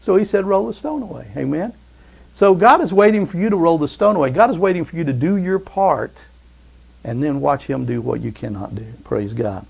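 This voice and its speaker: A man preaching a sermon who tells stories and often calls out amen, swinging between loud fervor and hushed softness. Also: on the high side, lively intonation, normal speed, creaky, slightly rough. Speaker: pastor.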